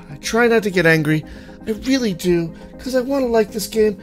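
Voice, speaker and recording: A man with a high, lively voice grumbles through gameplay commentary, sighing and swearing. He sounds sick and tired, and he talks slowly. Faint game music plays behind him. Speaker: let's play gamer.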